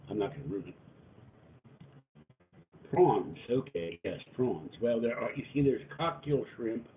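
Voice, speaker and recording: A man hosting a casual livestream, rambling through viewer comments in a halting, chatty way with lots of fillers and restarts. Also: mid-range voice, animated. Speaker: livestream host reading viewer donations and comments. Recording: tinny phone-like audio with faint noise.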